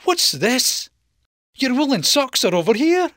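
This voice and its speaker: A storyteller voicing a startled farm wife who shrieks and scolds in a high, shrill voice. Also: big pitch swings, unhurried, dry recording, clean studio sound, heavily acted. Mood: shrieking alarm. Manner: exclaiming in loud alarm. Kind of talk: storybook reading.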